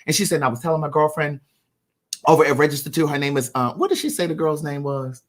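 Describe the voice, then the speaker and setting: A man's voice: a little high, expressive, fast talker. A man hosting a livestream, telling a story casually and animatedly while addressing viewers by name. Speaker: livestream host.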